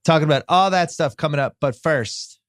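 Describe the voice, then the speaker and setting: A man's voice: on the high side, fairly quick, no echo, studio quality. A man hosting a casual podcast, running through the show lineup in an upbeat, rambling way with frequent restarts. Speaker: podcast host.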